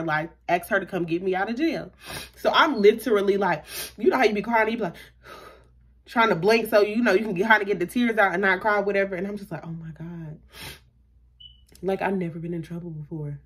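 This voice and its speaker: A young woman tells a personal story to her viewers. Her voice has a husky, breathy grain. She talks in an animated, slangy way and keeps addressing her audience directly. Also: medium pitch. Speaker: YouTuber. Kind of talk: storytime vlog.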